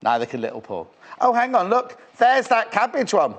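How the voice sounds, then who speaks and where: A man's voice: sits high, sing-song, moderate pace, lo-fi sound. A man presenting live on a shopping channel in a studio, with chatty, rambling sales patter.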